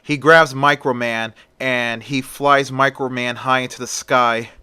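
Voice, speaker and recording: A man's voice: mid-range voice, fairly even intonation, a little slow, sharp tone, smooth, no echo. A man casually retelling a superhero story in a plain, conversational way.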